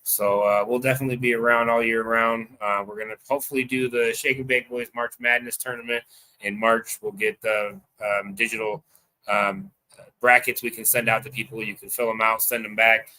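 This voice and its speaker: A man from the United States hosting a casual livestream chat, excitable and rambling, swearing freely and using lots of fillers. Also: fairly low pitch, moderate pace. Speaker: host.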